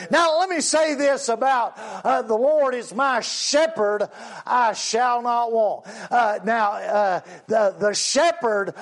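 High-voiced, slow preaching man. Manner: drawn-out preaching cadence with frequent amens. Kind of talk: sermon.

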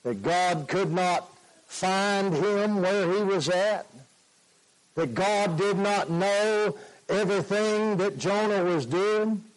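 A man preaching a sermon, slow and emphatic, repeating his points. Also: sits high, rough recording.

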